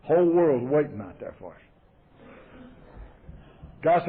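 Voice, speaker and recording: A man's voice: a little high, very animated, measured pace, pauses often, breathy edge. A man with a Southern accent giving an AA recovery talk, folksy and emotional, telling stories with acted-out dialogue, from an old 1980s cassette recording. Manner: folksy, emotional, acts out dialogue in his story. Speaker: AA speaker. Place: meeting hall. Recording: tinny 1980s cassette tape.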